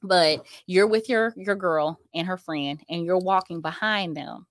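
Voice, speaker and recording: Casting note: woman host, somewhat low voice, chatty, asks questions, dry sound. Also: measured pace, no echo. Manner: chatty, poses questions, many fillers. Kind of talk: casual discussion.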